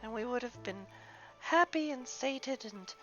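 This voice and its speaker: A man's voice: extremely high pitch, animated, measured pace, pushed and bright, dull audio, soft background music, pitched above the performer's own voice, exaggerated voice. A man voicing a dreamy, feminine villager woman with a slight Irish accent, sighing about what could have been. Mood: wistful. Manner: sighing, sing-song longing. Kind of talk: game commentary.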